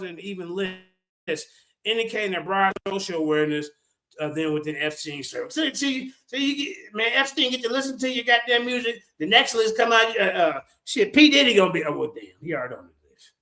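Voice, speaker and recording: A man's voice: high-pitched, bright, forceful tone. A man giving loose, joking reaction commentary, cursing freely and talking straight to his viewers.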